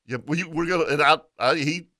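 Cohost guy, bright sharp voice, stumbly and excited, kinda high. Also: a little fast, dry recording, clean studio sound. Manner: excitable, stumbles and repeats words. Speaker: radio show co-host. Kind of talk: casual banter among friends.

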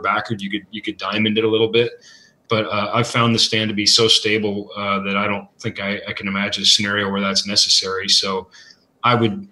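Man, low-pitched, bright forceful tone, equipment expert, casual, lots of fillers. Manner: thoughtful, filler-heavy with many uh and you know. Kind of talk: casual Q&A answers.

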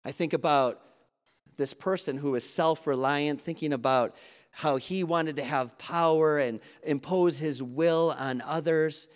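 Man giving a sermon, kinda high voice, echoey church hall, acts out the quotes. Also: measured pace, smooth. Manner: earnest, conversational preaching with quoted dialogue. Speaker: preacher. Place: church sanctuary. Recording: long hall reverb.

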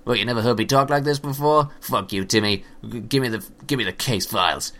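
A man's voice: fairly low pitch, fairly even intonation, unhurried, fairly bright tone. A man voicing Pikachu as a cynical, profane hard-boiled male detective with a tough-guy drawl. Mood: gruff.

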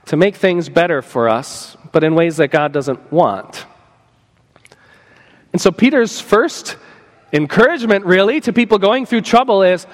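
A man pastor delivering a sermon in an earnest way, acting out the words of imagined speakers and slowing down for emphasis. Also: high voice. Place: church sanctuary. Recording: long church reverb.

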